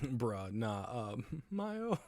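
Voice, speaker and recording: A sing-song, very slow delivery marks this man's medium-pitched, slightly mellow voice. He hosts a casual livestream from the US South, rambling across topics as he answers viewers and laughs often.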